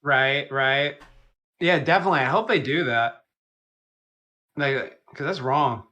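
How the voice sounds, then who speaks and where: A man's voice: medium pitch, unhurried, bright, forceful tone. A man co-hosting a podcast in casual chat, laid-back, laughing often and swearing freely. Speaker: podcast co-host.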